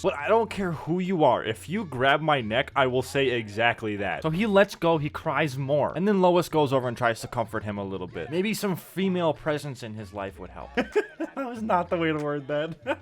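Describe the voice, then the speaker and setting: A man casually telling a funny story from his past, emphatic and laughing often at his own tale. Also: on the high side. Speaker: gaming YouTuber telling a story. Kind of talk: casual storytime narration over gameplay.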